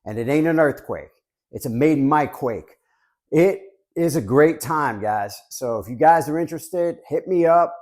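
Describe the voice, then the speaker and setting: A man's voice: fairly high pitch, expressive, moderate pace, a little mellow. A man in his fifties from Southern California, chatting casually and joking as he reviews collectibles for his viewers. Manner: chatty, joking, repeats "guys". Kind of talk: casual chat to camera.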